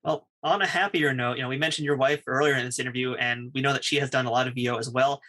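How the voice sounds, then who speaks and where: A man's voice: medium pitch, steady tone, fast, pushed and bright. A male podcast host asking questions as an enthusiastic fan of the show. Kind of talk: interview questions.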